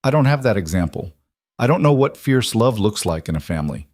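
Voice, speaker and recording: A man voicing a vulnerable woman executive who speaks softly and tearfully, in a dry recording. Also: on the low side, big pitch swings, fairly quick, no room sound. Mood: tender. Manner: soft, tearful.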